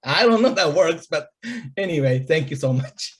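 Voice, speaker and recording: A man giving hesitant, halting feedback in an online meeting. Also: a little high, expressive, slight background noise.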